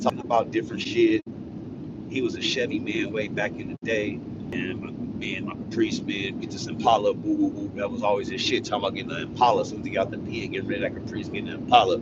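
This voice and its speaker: Brief: laid-back man from California, slangy and profane, recorded in a car with clear traffic noise. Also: medium pitch, highs cut off. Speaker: storyteller vlogger. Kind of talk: casual storytelling.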